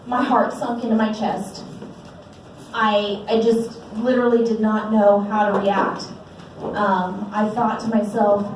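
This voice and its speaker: A woman's voice: medium pitch, flat delivery, takes it slowly, long pauses, a little mellow, slight background noise. A woman in her forties gives an earnest, heartfelt personal testimony to an audience at a fundraiser, speaking into a handheld microphone. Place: large event hall. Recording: very echoey hall, distant mic.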